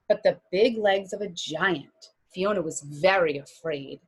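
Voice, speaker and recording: A woman reading a children's picture book aloud, with animated asides to her listeners. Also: on the low side, unhurried, hardly any pauses, breathy edge.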